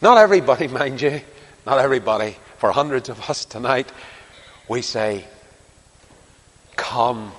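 A man preaching a sermon to a large congregation, telling stories in an animated way and building to emphatic declarations. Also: medium pitch, moderate pace. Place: large church or hall before a congregation. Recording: long hall reverb.

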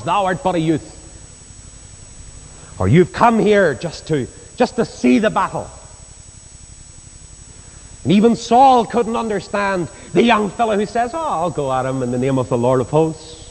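Northern Irish preacher in a reverberant hall. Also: male voice, lively intonation, moderate pace, long pauses. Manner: storytelling, acts out quoted voices, rises in pitch for emphasis. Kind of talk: sermon.

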